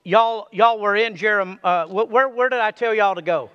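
Preacher guy, high clear bright voice, fired up, echoey church hall. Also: normal speed, dull audio. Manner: energetic preaching, leads congregation in call-and-response. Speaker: pastor. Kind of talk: sermon.

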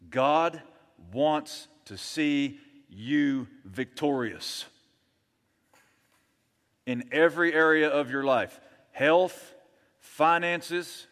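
A man's voice: fairly high pitch, drawn-out words, pauses often, fairly bright tone, in a large hall. A male pastor preaching a sermon in an emphatic, rallying manner.

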